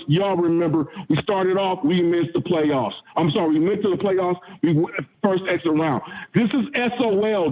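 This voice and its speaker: A man's voice: sits high, dark tone, rough recording. Emotional rambling male caller on phone. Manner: emotional, rambling, repeats himself. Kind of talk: fan call-in rant. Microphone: phone call.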